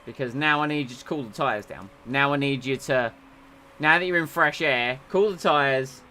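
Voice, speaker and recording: Bright, eager gaming streamer. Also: male voice, mid-range voice, normal speed, a little hiss or hum. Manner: urges his driver on, slips into playful accents. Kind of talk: casual live-stream chat over a racing game.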